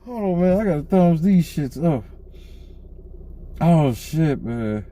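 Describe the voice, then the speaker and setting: A man's voice: a little high, sing-song, slow, warm tone. A man co-hosting a podcast, telling a story in casual, profane chat and laughing often, talking from a car. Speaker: podcast co-host.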